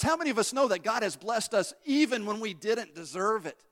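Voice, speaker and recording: A man preaching a sermon as pastor, telling stories in an animated way that rises to shouting at peaks. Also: high voice, fairly quick, hardly any pauses, in a large hall. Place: church sanctuary. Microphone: handheld or stage mic.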